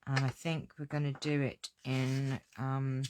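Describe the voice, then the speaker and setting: A woman's voice: rumbling low, level tone, a little slow, background noise. Gushing woman demonstrating card crafts. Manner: gushing, exclamatory, talks to viewers. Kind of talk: live crafting tutorial chat. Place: home craft desk.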